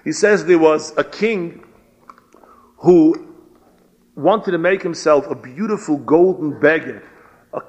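A man giving a storytelling sermon as a rabbi, animated and weaving Hebrew and Yiddish terms into his English. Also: a little high, slow, long pauses. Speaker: rabbi giving a Torah lecture. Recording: dull lo-fi recording.

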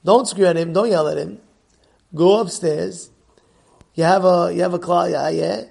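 A man acting out a calm rabbi giving simple, practical advice in a story. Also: sits high, normal speed, gravelly, slightly rough, exaggerated voice.

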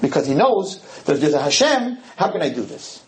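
A man, a rabbi, giving a storytelling lecture to an audience, animated and acting out the dialogue. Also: a little high, a little fast, slight background noise, low-quality recording. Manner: animated, acts out dialogue, sprinkles in Hebrew and Yiddish terms.

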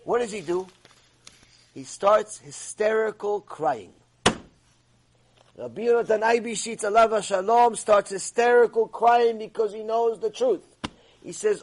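A man giving an animated sermon lecture, telling stories and asking his listeners questions. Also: high-pitched, measured pace, long pauses. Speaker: rabbi teacher.

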